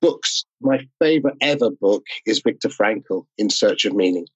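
A man's voice: on the low side, expressive, breathy edge, dry recording, muffled recording. A man talking on a video call interview, enthusiastic and explanatory. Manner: enthusiastic, explanatory, quick asides. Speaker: podcast host and interview guest. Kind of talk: casual interview talk.

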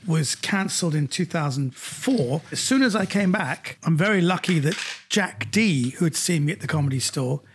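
A middle-aged man, a comedian, recounting anecdotes in an animated way during an interview. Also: normal speed, slight background noise. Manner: animated anecdotes, jumps higher when quoting others. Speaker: comedian guest. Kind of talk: storytelling in an interview.

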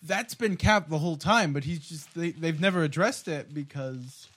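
Animated man riffing on a podcast. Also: on the high side, moderate pace. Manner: animated, swearing, laughs often. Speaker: podcast co-host. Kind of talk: casual film discussion.

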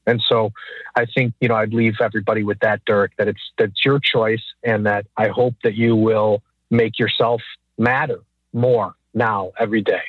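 A man's voice: fairly low pitch, flat delivery, normal speed, no echo, narrow, tinny audio. A man who is an author guest on an interview, speaking earnestly in a flowing motivational way.

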